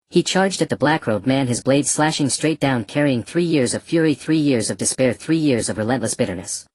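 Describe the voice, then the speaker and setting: Audiobook narrator, fantasy novel reading, measured and even, mid-pitched, dry close sound. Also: no echo.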